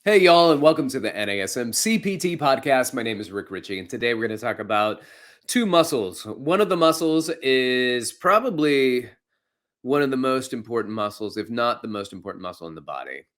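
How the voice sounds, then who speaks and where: A man hosts a fitness podcast and walks through anatomy in an easygoing, conversational way. His pitch swings widely as he talks. He slips playful jokes in between the explanations. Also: expressive, a little fast, fairly bright tone. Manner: playful, jokey asides while explaining. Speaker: podcast host and fitness instructor. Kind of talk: casual educational explanation.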